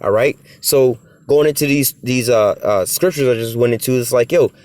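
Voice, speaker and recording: A man's voice: medium pitch, normal speed, darkish tone, no echo. A man preaching informally on scripture, in blunt, casual street talk, often tagging "man" and "whatever, whatnot.". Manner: blunt, swears in passing. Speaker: preacher of a religious group.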